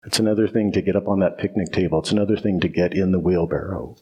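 Low-voiced man preaching a sermon. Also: steady tone, quick pace, darkish tone, muffled recording. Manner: repetitive emphatic preaching with frequent "right?" and restarts. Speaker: pastor.

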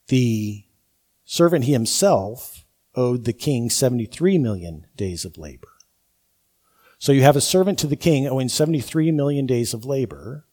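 A man's voice: mid-range voice, warm tone, slightly rough. A man preaching a sermon, stressing key words and repeating them for emphasis.

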